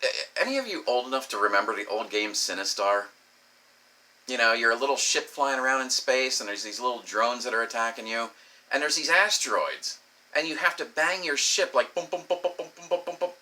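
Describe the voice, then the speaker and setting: A middle-aged man telling a crude personal story, animated and swearing freely. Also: medium pitch, brisk. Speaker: comedic storyteller.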